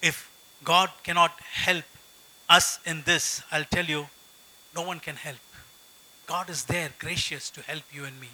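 Middle-aged pastor guy preaching, kinda high voice, super bright and punchy, repeats himself for emphasis. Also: fairly even intonation, a little slow, long pauses, low-quality recording. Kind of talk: sermon.

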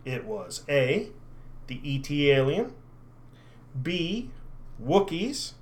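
A man's voice: fairly high pitch, very animated, drawn-out words. A middle-aged man co-hosting a podcast, joking and asking quiz questions. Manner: joking, interjecting. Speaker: podcast co-host, quiz master. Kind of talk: casual chat.

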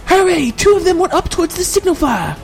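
A man's voice: a little high, normal speed, darkish tone, soft background music, voice pushed up, close to an everyday voice. A male narrator voicing a stern male general who gives clipped, urgent orders. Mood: commanding.

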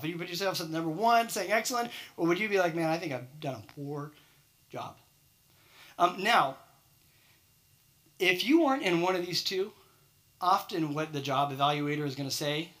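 A man's voice: on the high side, a bit bright. A man preaching a sermon, firing off rhetorical questions and acting out quoted excuses. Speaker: pastor.

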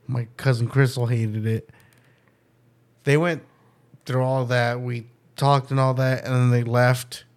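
A man's voice: medium pitch, a little mellow. A man hosting a casual podcast, telling a story with lots of swearing and laughter and acting out the voices of the people in it. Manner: profane, laughing, acts out quoted voices. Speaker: podcast host.

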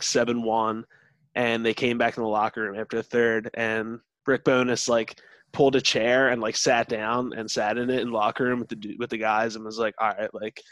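A man's voice: mid-range voice, fairly bright tone, no echo. A young man rambling earnestly in casual chat, packing his talk with filler words. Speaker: podcast co-host.

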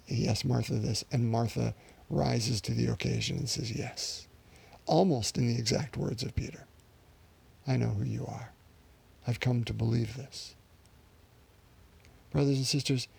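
A man preaching a sermon in an earnest, reflective way, pausing and restarting as he works through his thoughts. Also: medium pitch, creaky, darkish tone, slightly rough.

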